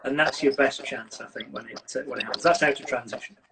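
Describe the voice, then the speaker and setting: A man, a dog trainer, giving lively, casual advice on a video call. He acts out scenes and keeps checking in with "right?". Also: mid-range voice, fast talker. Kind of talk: casual advice on a live stream. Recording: distant mic with loud noise.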